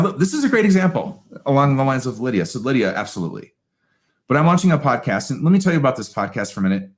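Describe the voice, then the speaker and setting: A man hosting a live astrology talk, answering audience questions in an animated, emphatic way with quick asides. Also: lowish voice.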